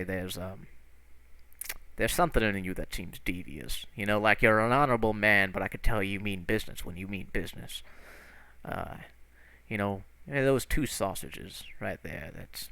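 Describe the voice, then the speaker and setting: A man voicing a foul-mouthed, hot-tempered male dwarf cook who talks gruff and blunt. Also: fairly low pitch, bright, forceful tone, no echo, pitched below the performer's own voice. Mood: low confiding. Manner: swears constantly, gruff and blunt.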